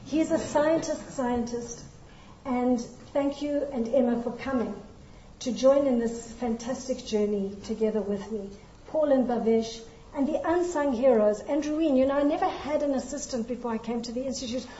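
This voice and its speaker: A South African woman scientist speaks to a lecture hall, her voice set a little high and mellow in tone. She is earnest and emphatic and often restarts a sentence partway through. The sound is roomy and slightly muffled, with a faint hum behind her. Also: moderate pace. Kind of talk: formal lecture to an audience.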